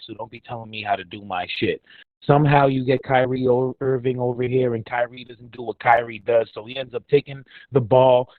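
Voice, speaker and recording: A man's voice: medium pitch, no room sound. Man, fired-up sports rant, sarcastic, swearing, dry close sound. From Dominican heritage. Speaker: podcast co-host. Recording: dry, tinny phone-like line.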